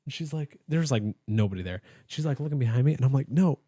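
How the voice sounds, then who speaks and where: A man's voice: medium pitch, animated, fast, warm tone, dry recording. A young man co-hosting a podcast in a studio, telling a long story in casual chat, full of fillers and restarts. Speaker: podcast co-host.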